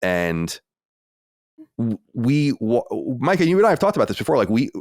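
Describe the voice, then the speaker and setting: A man's voice: medium pitch, very animated, moderate pace, a little mellow, no echo, studio quality. A man hosting a casual podcast, musing and rambling through his ideas. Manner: musing, rambling, trailing asides. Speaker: podcast host.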